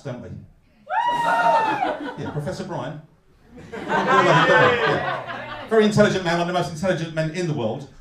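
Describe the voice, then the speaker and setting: A man from London with a Cockney accent, performing a stand-up comedy set with a deadpan, mock-glum delivery and punchlines he pushes up loud. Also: on the high side, recorded from a distance, very noisy. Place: comedy club stage. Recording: echoey club, heard from afar. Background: audience laughter.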